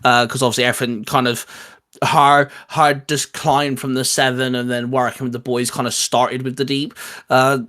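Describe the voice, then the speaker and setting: A man talking casually as a podcast guest, halting with restarts and fillers. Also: medium pitch, a bit bright. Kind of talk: casual chat.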